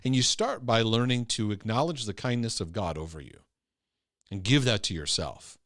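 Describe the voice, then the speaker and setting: A man teaches with a lively, swooping voice, hammering home key phrases and often checking in with "right?" and "okay?". He sounds close and dry, with no room sound around him. His delivery is earnest and emphatic, as in a recorded Christian teaching. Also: lowish voice, moderate pace, no room sound. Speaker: Christian teacher and former pastor. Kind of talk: teaching talk to camera.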